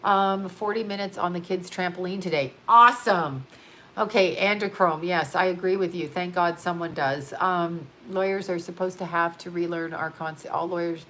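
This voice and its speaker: A tired woman chats loosely on a livestream from her home studio, replying to viewer comments as they come in. She rambles and drifts between thoughts, and she is blunt and quick to swear. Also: on the low side, a bit bright. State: tired, yawning. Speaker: astrologer and livestream host. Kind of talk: casual livestream chat reading viewer comments.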